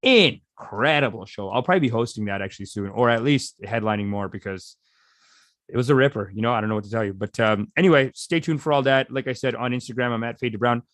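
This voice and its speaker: A man's voice: mid-range voice, fast, fairly bright tone, no echo, clean studio sound. A man leading a live meditation session, talking in a rambling, casual way and reading viewer comments aloud. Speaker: meditation teacher. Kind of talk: casual livestream meditation talk.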